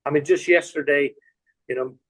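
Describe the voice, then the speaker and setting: A man's voice: on the high side, fairly even intonation, moderate pace, fairly bright tone, low-quality recording. A middle-aged man from Tennessee, a podcast guest telling a long anecdote in a rambling way, full of restarts and asides. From Tennessee, USA. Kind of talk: casual anecdotal storytelling.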